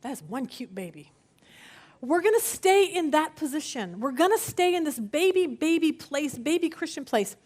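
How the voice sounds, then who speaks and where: A middle-aged woman teaches a women's Bible study, earnest and lively, often repeating words and joking with the group. She has a high voice and speaks at a moderate pace.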